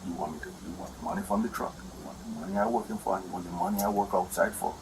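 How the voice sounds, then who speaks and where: A man's voice: deep voice, fast, background noise. A man rambling in an aggrieved, repetitive way as he complains to an officer about a domestic dispute. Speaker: husband explaining a domestic dispute. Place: indoors at a house.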